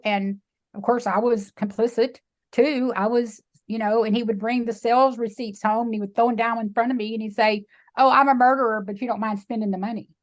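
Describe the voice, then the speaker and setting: A middle-aged woman with a Texan accent tells her story in an emphatic, animated way and acts out the voices of the people in it. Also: fairly high pitch. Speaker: guest, sanctuary founder. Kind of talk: emotional storytelling interview.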